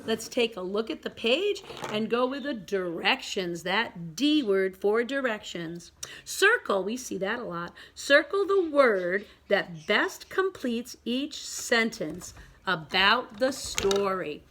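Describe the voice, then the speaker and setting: A woman teaching a pre-K reading lesson, giving gentle step-by-step instructions and reading each sentence aloud slowly and with exaggeration. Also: medium pitch, big pitch swings. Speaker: preschool teacher.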